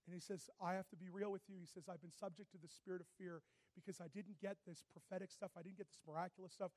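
Telling a personal story in his sermon, this preacher acts out both speakers and shifts from hushed to loud. He has a high-pitched voice, fairly even intonation, and a quick pace, recorded with no echo.

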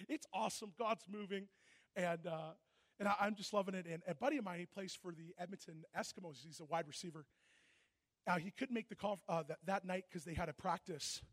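A man preaching a sermon into a handheld mic, telling stories with animated energy and frequent laughter. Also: sits high, brisk, no room sound. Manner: animated storytelling, bursts of laughter.

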